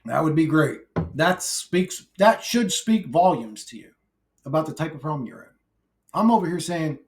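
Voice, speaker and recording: A man's voice: a little high, animated, moderate pace. Brash, swearing man ranting at the camera. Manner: brash, profane, swings between shouting rants and mumbled asides. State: intoxicated. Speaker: YouTuber. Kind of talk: solo ranting vlog.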